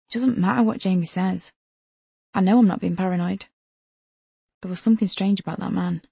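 A woman reading a first-person novel aloud as an audiobook narrator, in a measured, tense storytelling manner. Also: fairly low pitch, creaky, darkish tone, slightly rough, no room sound.

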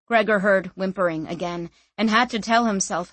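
A woman narrating a fantasy audiobook in a steady, even storytelling manner on a close studio mic. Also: mid-range voice, normal speed, hardly any pauses, no echo.

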